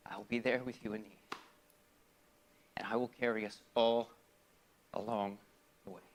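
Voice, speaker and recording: A man performing a theatrical comic monologue, swinging between loud outbursts and hushed asides in a mock-grand, philosophical manner. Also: on the low side, level tone, normal speed. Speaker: stage performer.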